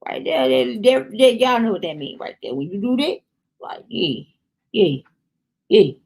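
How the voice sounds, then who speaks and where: Slow-talking woman recapping a TV episode. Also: on the high side, sing-song, creaky, a little mellow, slightly rough. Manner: chatty, addresses viewers as "y'all". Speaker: show review host.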